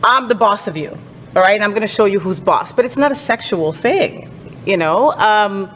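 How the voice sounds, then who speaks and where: Sassy animated woman host in a reverberant room. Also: mid-range voice, moderate pace, slight background noise. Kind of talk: casual entertainment news chat.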